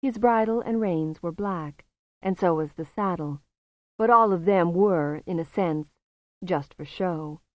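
A woman reads a fantasy audiobook in a calm, measured voice. Her voice sits slightly low and moves slowly. The sound is dry and close. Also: dry recording. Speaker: narrator. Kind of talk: audiobook narration.

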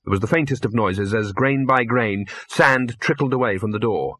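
A man narrating a comic fantasy audiobook in a measured, dry storytelling manner. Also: medium pitch, fairly bright tone, dry recording.

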